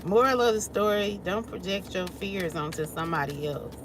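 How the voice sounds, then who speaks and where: A woman's voice: mid-range voice, animated, moderate pace, a little hiss or hum. A woman doing a casual tarot reading, talking loosely and laughing often as she goes. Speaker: tarot reader.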